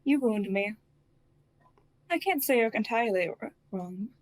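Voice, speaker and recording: A woman's voice: on the high side, expressive, unhurried, dry recording, poor audio. A woman playing a tabletop game, talking playfully as she describes and speaks for her character. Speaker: player.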